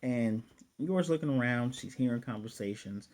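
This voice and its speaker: A man's voice: medium pitch, moderate pace, a little mellow. A man casually recapping an anime episode in a loose, chatty way, stopping now and then to find his place. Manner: loose, chatty retelling with fillers. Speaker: anime reviewer.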